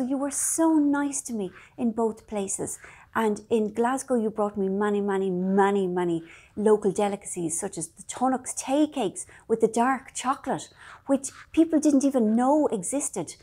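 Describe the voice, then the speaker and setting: A woman's voice: fairly high pitch, dark tone. An Irish woman author chatting casually in a vlog, self-deprecating, with whispery asides.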